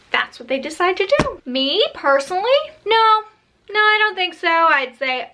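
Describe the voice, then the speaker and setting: A woman tells a spooky story in a casual, chatty storytime style, tossing slangy asides to her viewers. Her high voice sounds bright and sharp, with lively intonation and a moderate pace, over slight background noise.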